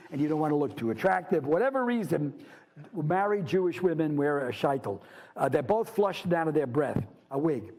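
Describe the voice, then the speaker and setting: A man's voice: a little high, darkish tone. A man teaching a literature class, explaining a story and reading passages from it in a conversational, digressive way. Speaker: literature instructor. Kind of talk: lecture with read-aloud passages. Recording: long reverb from a lecture hall.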